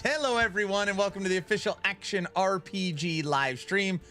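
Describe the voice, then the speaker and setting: Bright-voiced male streamer greeting chat. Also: high-pitched, brisk, faint music behind. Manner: loose, joking, greets chat by name. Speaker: streamer host. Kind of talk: casual live-stream chat.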